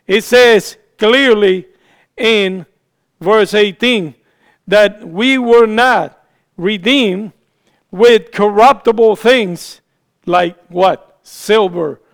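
Slow, high-pitched gravelly preacher. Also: male voice, a bit bright. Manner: emphatic, repeats phrases for stress. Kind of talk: sermon.

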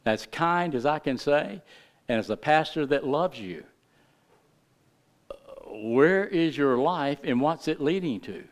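A middle-aged male pastor delivers an impassioned sermon, swinging between loud, climbing lines and hushed, quiet moments. His voice is slightly high with lively intonation, and he speaks slowly with long pauses.

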